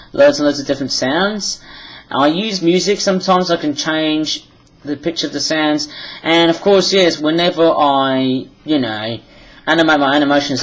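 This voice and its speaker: Man vlogger, rambling walkthrough, voice sits a bit high. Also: low-quality recording. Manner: rambling, with many restarts and apologies. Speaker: animation vlogger. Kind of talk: screen-recorded tutorial chat.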